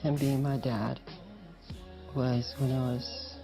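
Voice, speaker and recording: A man answering questions as a podcast guest, halting and repeating words as he talks. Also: mid-range voice, flat delivery, creaky, warm tone, soft background music.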